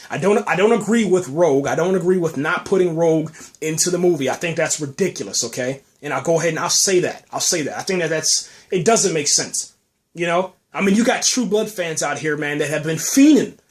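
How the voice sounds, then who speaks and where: Male podcast host with a higher-pitched voice, casual and ranting. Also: a little fast. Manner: animated ranting, full of "you know what I'm saying" and "man". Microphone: podcast mic.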